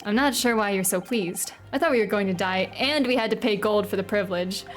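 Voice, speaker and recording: A woman's voice: medium pitch, brisk, soft background music, natural voice. A woman voicing a nervous young male defense lawyer in her plain reading voice. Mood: uneasy.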